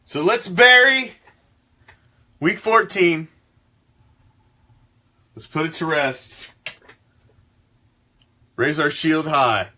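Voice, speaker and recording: A man's voice: on the high side, drawn-out words, pauses often, pushed and bright. A man hosting a fan sports talk show, ranting with a profane, fired-up and emphatic delivery. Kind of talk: fan sports commentary rant.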